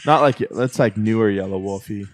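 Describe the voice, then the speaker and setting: A young man co-hosting a podcast, joking around in quick banter. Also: on the low side, soft background music. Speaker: podcast co-host. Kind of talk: casual chat.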